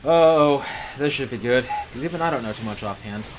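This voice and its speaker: A co-commentator with a medium-pitched voice chats fairly quickly alongside a gameplay session. He's easygoing and talkative, often getting sidetracked looking up trivia.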